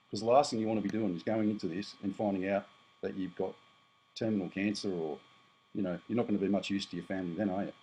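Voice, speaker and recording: A man's voice: lowish voice, mellow, husky, poor audio. An Australian man in his fifties, talking bluntly and rambling as he vlogs to his viewers, often correcting himself. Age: 50s. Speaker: prepper vlogger. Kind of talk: casual monologue to camera.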